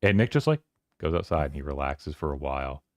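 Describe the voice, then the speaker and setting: A man with an extremely deep, low voice chats casually on his stream, recapping a novel's scenes. He rambles with plenty of "like" and "um". The sound is close and dry. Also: animated, no echo. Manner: rambling, filler-heavy, quoting characters in quick voices. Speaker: streamer hosting a book club.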